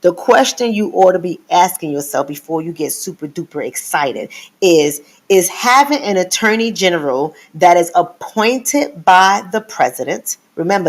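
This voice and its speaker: A woman's voice: fairly low pitch, darkish tone. A middle-aged woman hosting a live stream, who lectures her viewers in a teacherly way and repeats her points. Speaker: host.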